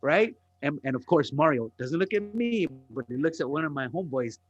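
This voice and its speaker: A man's voice: fairly high pitch, brisk, slightly rough, no room sound, lo-fi sound. A man from the Los Angeles area, a comedian on a podcast, telling a rambling, profane story in casual chat. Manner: rambling, profane, animated retelling.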